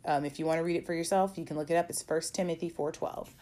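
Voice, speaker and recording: A woman's voice: on the low side, fairly quick, a little mellow, slight background noise. Chatty young woman hosting a faith podcast. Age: young adult. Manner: chatty and encouraging, full of fillers, slips into playful scolding. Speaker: podcast host. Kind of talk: casual faith-based podcast talk.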